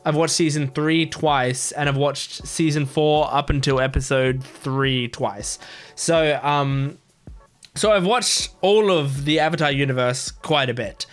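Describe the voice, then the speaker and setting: A man a touch higher-pitched than most talks loosely and excitably as he reacts to a show. He rambles, stops himself and laughs often, with light music faint behind him. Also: unhurried. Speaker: reaction video host. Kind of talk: casual reaction commentary.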